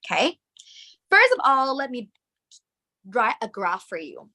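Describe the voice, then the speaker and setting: A woman teacher with a Thai accent speaks very slowly and patiently. Her voice is bright and fairly high, and she sounds out each example for the class. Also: sing-song. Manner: slow, patient, demonstrating tones aloud. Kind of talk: classroom lesson.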